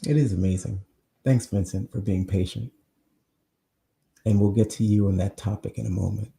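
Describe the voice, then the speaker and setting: A man's voice: lowish voice, steady tone, normal speed, vocal fry, dark tone, roomy sound. A man hosting a live online show from his home on a new microphone, talking casually and rambling straight to his viewers. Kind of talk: casual live-stream chat.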